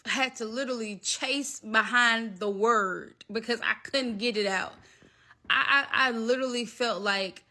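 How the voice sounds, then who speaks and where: A woman telling a personal story in a storytime vlog, animated and emphatic, and speaking directly to her viewers. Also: medium pitch. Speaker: storytime vlogger.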